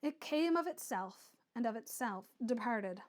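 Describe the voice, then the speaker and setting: A woman narrating a classic novel as an audiobook reader, in a measured storytelling manner. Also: a little high, lively intonation.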